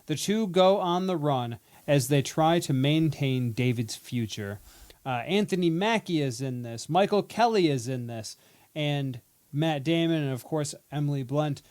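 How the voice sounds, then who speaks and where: A man's voice: a little high, lively intonation, unhurried, darkish tone. A man co-hosting a casual movie podcast, summarizing a film and joking around. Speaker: podcast co-host. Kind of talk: casual movie review chat.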